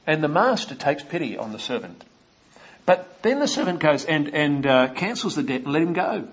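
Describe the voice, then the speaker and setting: Husky man preaching a sermon. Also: fairly high pitch, big pitch swings, normal speed, highs cut off. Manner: storytelling, asking the listeners questions.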